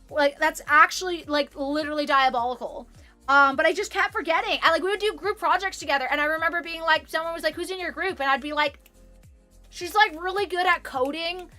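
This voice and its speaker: This livestreamer, a Canadian in her twenties, sews while chatting loosely with her viewers, self-deprecating and rambling with an occasional curse. She speaks in a high voice that sounds bright and pushed.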